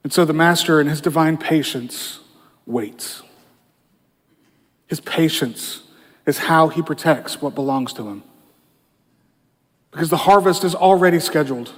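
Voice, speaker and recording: A man's voice: on the high side, measured pace, long pauses, big-room sound. A man preaching a sermon in a conversational way, often saying "you know", recorded in a church. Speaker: pastor.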